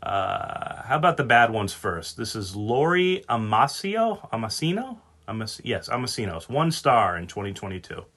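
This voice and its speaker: A man hosting a casual podcast, jokey and animated, swearing casually as he talks. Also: lowish voice, moderate pace, few pauses. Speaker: podcast host.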